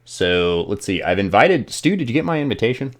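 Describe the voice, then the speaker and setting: A man's voice: lowish voice, sing-song, brisk. A man hosting a casual gaming live stream, joking and rambling with lots of fillers.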